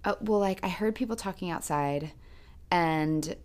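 A woman's voice: on the low side, unhurried, a little mellow, smooth. A woman co-hosting a podcast, telling a personal story in an earnest, reflective casual chat. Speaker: podcast co-host.

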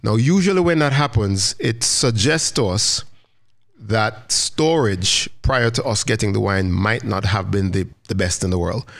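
Low-voiced man explaining wine casually. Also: unhurried, creaky. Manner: explains wine terms, gently teaching. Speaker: wine podcast co-host. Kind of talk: casual chat.

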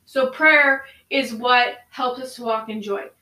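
A woman with a bright, fairly high voice talks and prays with earnest conviction, circling back over her phrases as she goes. She sits a little away from the mic in a room that rings with echo. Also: unhurried, distant mic. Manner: earnest, prayerful, repeats phrases. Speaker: podcast co-host. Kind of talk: spoken prayer and devotional talk.

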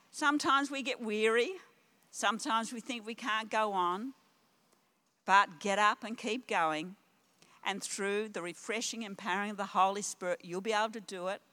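A woman's voice: mid-range voice, pushed and bright. An older woman preaching a sermon in an earnest, exhorting way.

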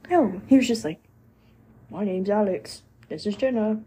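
A woman's voice: mid-range voice, moderate pace, background noise. A woman co-hosting a casual chat, talking bluntly and emphatically with heavy swearing as she tells her own stories. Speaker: podcast co-host.

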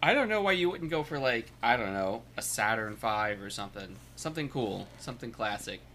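Speaking fairly quickly in an animated, mid-range voice with a fairly bright tone, this comic book podcast co-host thinks out loud over slight background noise. His casual talk drifts, often trailing off before a thought is finished.

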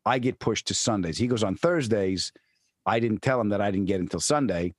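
A man, a comedian and actor, telling a story in casual chat and acting out his friend's panicked voice in high shouts. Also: a little fast, no room sound, clean studio sound.

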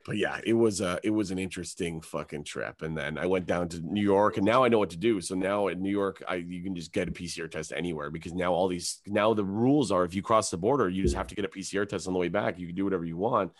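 A man's voice: sits low, quick pace, hardly any pauses. A man, a comedian, telling a long story in casual chat, swearing freely and acting out the other people's voices. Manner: animated, swears a lot, acts out other voices. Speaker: comedian guest.

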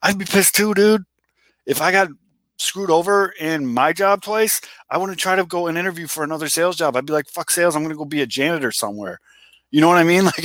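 A man's voice: a little high, fairly bright tone, dry recording. A man co-hosting a casual sports talk show, chatting loosely with restarts and the odd swear word. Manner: conversational, rambling with restarts and swearing. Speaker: podcast co-host.

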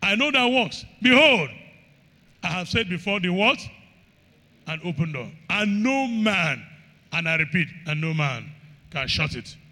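High bright-voiced preacher in a reverberant hall. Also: male voice, normal speed. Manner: call-and-response questions to the congregation; reads scripture in King James wording, rising and falling emphasis. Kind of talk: sermon.

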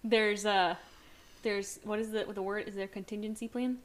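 A woman's voice: medium pitch, level tone, moderate pace. A young woman co-hosting a podcast in casual chat, telling stories with dramatic retellings and swearing freely. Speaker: podcast co-host.

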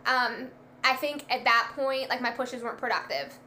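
Young woman, casual storyteller, animated, bright and slightly high voice. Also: moderate pace, slight background noise. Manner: animated, lots of "like", acts out quoted lines. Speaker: guest telling a birth story.

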